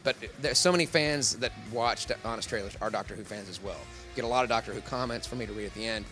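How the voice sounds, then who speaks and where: A man's voice: lowish voice, quick pace, bright, forceful tone, soft background music. A man who works as a professional voice actor, talking in a casual convention interview, rambling and laughing often.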